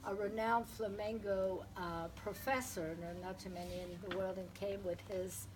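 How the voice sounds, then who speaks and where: A woman's voice: mid-range voice, fairly even intonation, moderate pace, low-quality recording. A woman giving a heartfelt eulogy at a memorial, telling personal stories and laughing through the funny parts. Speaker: eulogy speaker.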